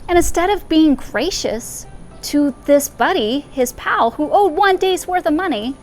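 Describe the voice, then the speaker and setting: Frau, Seelsorgerin, Meditation, eher hohe Stimme, locker erzählend. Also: female voice, sits high, animated, a little slow, soft background music. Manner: conversational, with asides. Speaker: chaplain. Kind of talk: spoken meditation retelling a parable.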